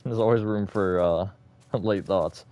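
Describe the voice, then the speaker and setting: Male streamer, lowish voice; chatty, self-correcting rambler whose delivery flips between deadpan disappointment and high energy. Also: unhurried, dull audio. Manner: swings between flat, disappointed-sounding and bursts of high energy; rambling, thinks aloud with fillers and self-corrections. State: short on sleep. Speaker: livestreamer. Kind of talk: casual livestream chat while gaming.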